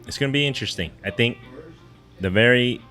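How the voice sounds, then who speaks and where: A man's voice: mid-range voice, brisk, pushed and bright, soft background music. A man co-hosting a fishing podcast from a brewery, chatting casually with a rambling, laid-back manner. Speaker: podcast co-host. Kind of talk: casual chat. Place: brewery taproom.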